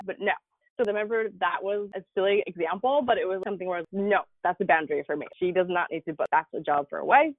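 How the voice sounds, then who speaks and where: A woman guest telling a personal story in a conversational interview, animated and laughing, with lots of casual fillers. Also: lowish voice, fast talker, dry recording. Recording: tinny phone-like dry remote audio.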